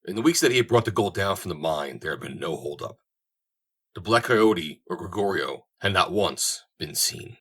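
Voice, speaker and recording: A man narrating a western audiobook in a steady storytelling manner. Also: deep voice, normal speed. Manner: steady storytelling, voicing each character.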